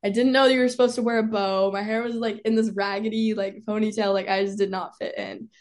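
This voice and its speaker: A young woman tells a personal story as an interview guest. She chats casually, her voice sitting at an ordinary middle pitch, and she fills her sentences with "like" and frequent laughs. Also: fairly even intonation, quick pace. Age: young adult. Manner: chatty, peppered with "like", laughs often. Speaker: guest, college cheerleader.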